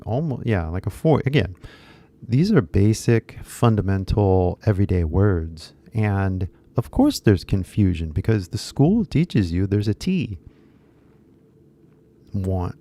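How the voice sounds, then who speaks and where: Gravelly dark-voiced American man teaching. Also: on the low side, expressive, unhurried. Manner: rambling, emphatic, repeats key words. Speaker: English teacher. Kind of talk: casual English pronunciation lesson.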